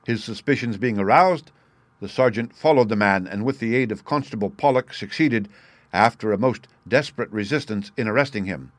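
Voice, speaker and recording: A man narrating a classic detective story in a measured, even reading. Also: lowish voice, no room sound. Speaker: audiobook narrator.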